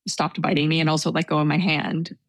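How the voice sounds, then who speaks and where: A woman telling a story in casual conversation, soft-spoken and hesitant with many fillers. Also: sits low, level tone, quick pace, dry recording. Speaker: storyteller guest.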